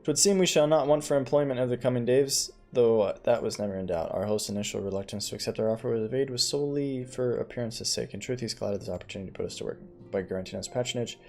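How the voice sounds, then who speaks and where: A man reads an earnest young scholar with a polished, polite way of speaking. The tone is warm and low. Quiet game music plays behind. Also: fast talker, hardly any pauses, close to an everyday voice.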